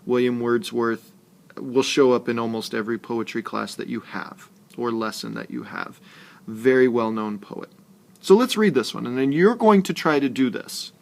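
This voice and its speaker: A man's voice: mid-range voice, moderate pace, vocal fry. A man teaching a screencast lesson on poetry, patient and instructive. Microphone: tablet screencast mic.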